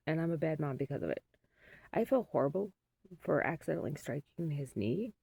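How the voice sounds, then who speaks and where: A woman's voice: low voice, expressive, fairly quick, gravelly, a little mellow, breathy edge, no room sound. A sleep-deprived middle-aged mother rambling through a casual vlog in a weary, unguarded way. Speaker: mother vlogging.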